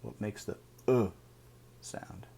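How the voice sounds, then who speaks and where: A man teaching a phonics lesson, sounding out each word slowly and deliberately. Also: warm tone, whispered. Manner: slow, deliberate sounding out of words.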